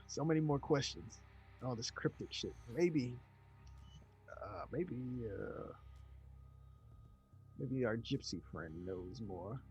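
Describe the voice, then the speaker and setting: A man's voice: mid-range voice, lively intonation, slow pace, pauses often, a little mellow, slight background noise, poor audio. A man playing his character in a tabletop game, speaking in character and muttering. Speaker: player. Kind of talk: in-character tabletop role-play.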